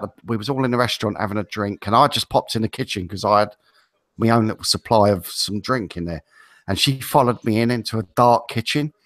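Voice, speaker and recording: A man with an English accent, co-hosting a casual talk show and telling long rambling stories. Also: lowish voice. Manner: rambling storytelling, animated. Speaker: co-host. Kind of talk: casual podcast banter.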